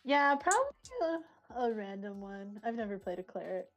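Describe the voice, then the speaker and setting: A woman chatting casually as an improv partner, laughing and excitable. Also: medium pitch, normal speed, highs cut off, faint music behind. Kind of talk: casual chat.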